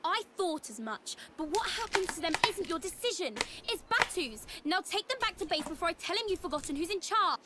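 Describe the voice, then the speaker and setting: A woman's voice: very high-pitched, lively intonation, brisk, hardly any pauses, very noisy. An actress voicing a commanding young female sky pirate who scolds her crew, in video game dialogue. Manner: bossy, scolding.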